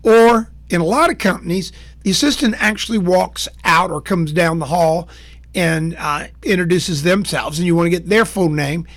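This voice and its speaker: A sales trainer whose voice sits high and fairly bright speaks at normal speed in a talk to camera. In a folksy, plain-spoken style he teaches sales, walking through steps and playing out short exchanges.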